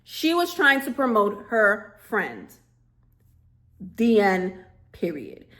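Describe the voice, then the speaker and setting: A woman's voice: mid-range voice, big pitch swings, takes it slowly, fairly bright tone. A woman ranting to camera in a casual vlog, sassy and emphatic, often breaking into laughter. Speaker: vlogger reviewing a reality show.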